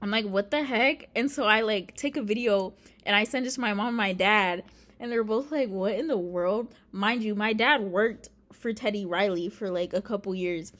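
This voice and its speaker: A woman's voice: mid-range voice, normal speed, a bit bright. Chatty young woman vlogging. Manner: chatty, rambling, full of "like" and "um". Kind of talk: casual talking-to-camera vlog. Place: indoors near a street with passing traffic.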